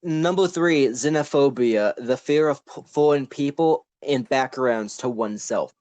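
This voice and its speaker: A man's voice: medium pitch, measured pace, darkish tone, dry recording. Stammering teenage podcast guy. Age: late teens. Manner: hesitant, filler-heavy, stammering delivery. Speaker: podcast co-host. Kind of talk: casual comedic chat.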